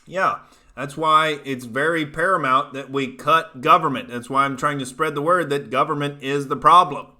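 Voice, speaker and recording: Bright-voiced, profane comedian ranting. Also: male voice, on the high side, normal speed. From United States. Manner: profane, rambling, jokey rants. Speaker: comedian host reading chat comments. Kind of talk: casual live-stream commentary.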